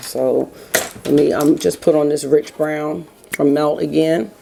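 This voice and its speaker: A woman's voice: low-pitched, fairly even intonation, unhurried, creaky, noisy background. A woman in her thirties talking casually and rambling to viewers while doing her makeup at home. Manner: rambling, chatty, talks straight to viewers. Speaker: beauty vlogger. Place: home, getting ready in the morning.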